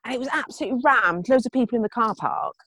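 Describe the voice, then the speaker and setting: A woman in casual chat, telling a funny story with lively acted-out quotes. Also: a little high, fast talker, dry recording. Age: adult. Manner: animated storytelling, acting out quotes.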